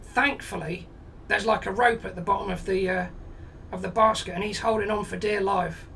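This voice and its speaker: Man in his forties, high gravelly voice, blunt exasperated storyteller, recorded from a distance with faint hiss. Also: steady tone, moderate pace, pushed and bright. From England. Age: 40s. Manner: blunt, sweary, exasperated anecdote with quoted dialogue. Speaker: comedy storyteller. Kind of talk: comic storytelling monologue.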